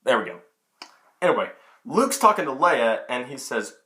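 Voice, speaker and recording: A man's voice: medium pitch, moderate pace. A young man giving a casual, chatty film review into his camera. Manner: chatty, excitable, many restarts. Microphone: camera mic.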